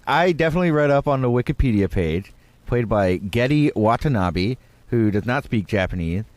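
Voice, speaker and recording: Animated young man chatting about movies. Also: mid-range voice, moderate pace, no room sound. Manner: animated, laughs while telling trivia. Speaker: guest. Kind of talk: casual chat.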